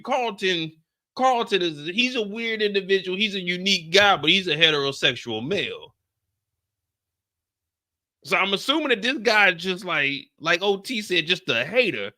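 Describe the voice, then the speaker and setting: Animated man riffing on a TV episode. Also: high-pitched, moderate pace. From San Francisco Bay Area. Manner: animated, swearing, acting out scenes. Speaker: show host. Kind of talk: casual TV recap talk.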